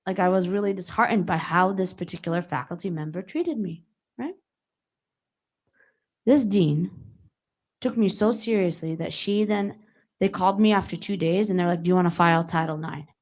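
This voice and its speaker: A woman's voice: fairly low pitch, normal speed, long pauses, a little mellow. A young adult woman giving a conversational talk to an audience at a community center, telling a personal story and often asking the listeners questions. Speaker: guest speaker. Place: community hall.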